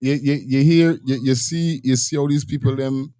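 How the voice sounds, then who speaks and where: A Guyanese man hosts an informal commentary and gives blunt opinions. He restarts his phrases often, and his voice is warm and dark at a middle pitch. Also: steady tone, normal speed. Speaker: host. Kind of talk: casual commentary.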